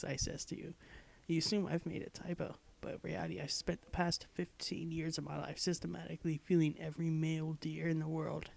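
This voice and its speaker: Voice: mid-range voice, level tone, normal speed, creaky, a little mellow. A young adult blogger casually reading blog posts aloud late at night, giddy and breaking into fits of laughter.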